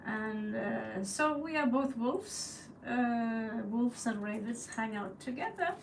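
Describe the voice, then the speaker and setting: A woman's voice: a little high, slow pace, gravelly, distant mic, slight background noise, poor audio. A woman with a Norwegian accent hosting a tarot live stream in loose, chatty talk, cursing and laughing as she goes. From Norway. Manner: chatty and loose, swearing, laughing, mimicking crow calls. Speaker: tarot reader and channel host. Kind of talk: casual live-stream chat.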